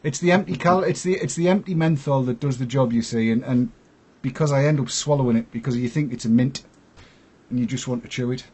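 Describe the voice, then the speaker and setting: A man's voice: medium pitch, brisk, a little mellow. A man hosting a casual online chat show, talking in a jokey, self-deprecating way. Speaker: host.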